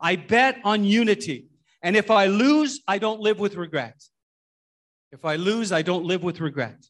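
A man's voice: sits high, normal speed. A middle-aged man preaching a sermon as pastor, folksy and storytelling, often repeating words and restarting his sentences.

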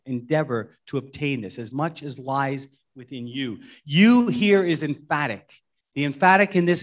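Preaching with a folksy, anecdotal style, this middle-aged pastor frequently repeats himself and starts sentences over. His voice runs a little high.

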